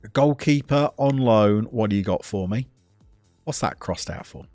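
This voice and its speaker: A man streams a football management game, chatting casually, reading chat messages aloud and interrupting himself as he goes. His fairly low voice is a little mellow and moves at a moderate pace, and the dry recording has faint music behind it.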